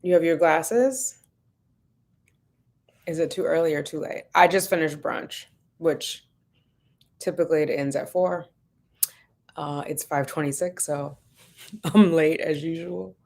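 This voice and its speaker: A woman's voice: low voice, steady tone, measured pace, long pauses, darkish tone. A woman casually chatting at home on a livestream, laughing often and greeting viewers by name. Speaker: vlogger hosting a livestream.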